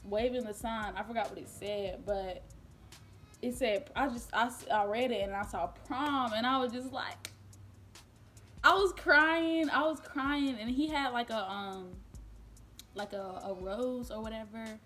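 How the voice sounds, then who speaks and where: A young adult woman vlogger telling a casual storytime, chatty and animated, with lots of fillers and easy laughs. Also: on the high side, a little slow. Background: faint background music.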